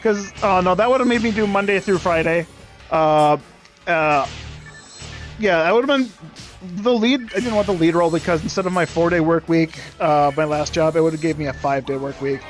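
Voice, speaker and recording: High-voiced sarcastic young man ranting. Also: moderate pace, faint music behind. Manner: sarcastic, profane, rambling. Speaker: streamer. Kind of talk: casual rant while gaming.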